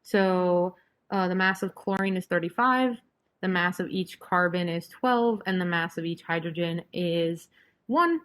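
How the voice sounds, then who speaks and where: A woman's voice: lowish voice, measured pace, fairly bright tone, clean tone. A young woman leading an online chemistry review session, talking casually and joking sarcastically with her students. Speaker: chemistry tutor.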